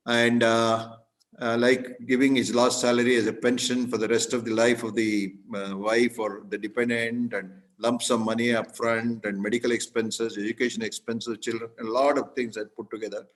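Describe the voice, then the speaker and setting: A man giving a storytelling speech as a guest speaker, earnest, often clearing his throat and restarting his sentences. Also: medium pitch, flat delivery, moderate pace, low-quality recording. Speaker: guest speaker at a club meeting.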